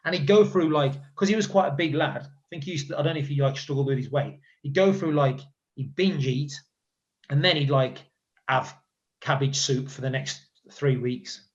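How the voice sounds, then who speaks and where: A former footballer chats as a podcast guest, rambling through stories and acting out what he said back then. His voice is a touch high. The recording sounds dull and lo-fi. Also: normal speed. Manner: rambling anecdotes with laughs and quoted asides. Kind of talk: casual storytelling chat.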